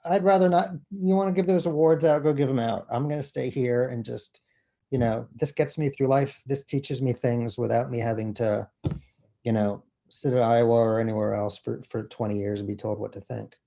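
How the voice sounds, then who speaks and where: A man interviewed as an author, talking in an animated, self-deprecating and profane way. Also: mid-range voice, normal speed, creaky. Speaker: author guest. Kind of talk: conversational interview. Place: bookstore event.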